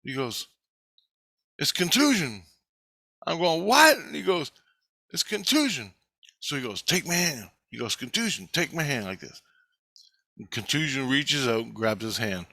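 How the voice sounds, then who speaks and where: A man's voice: medium pitch, sing-song, moderate pace, long pauses, pushed and bright, dry recording. A man casually telling a first-person story, swearing freely and acting out the quoted dialogue as he goes. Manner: profane, retells events with acted-out quoted dialogue.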